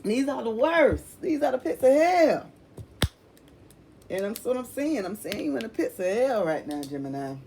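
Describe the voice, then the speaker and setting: A woman's voice: fairly high pitch, sing-song, normal speed, pauses often, background noise. A woman giving a casual tarot reading, blunt and emphatic, swearing freely, repeating herself and calling the listener honey. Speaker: tarot reader.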